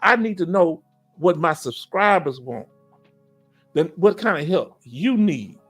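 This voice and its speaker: A middle-aged man with a Southern US accent hosts a casual live stream for veterans, reading viewer comments in an animated, preachy way and repeatedly asking "you understand?". His fairly high voice is measured and slightly breathy, with soft music in the background.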